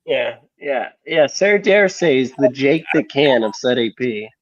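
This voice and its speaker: A man hosting a podcast in casual chat, animated and sarcastic, laughing often. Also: mid-range voice, unhurried, no room sound. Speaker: podcast host. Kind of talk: casual chat, reading questions. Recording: dull lo-fi sound.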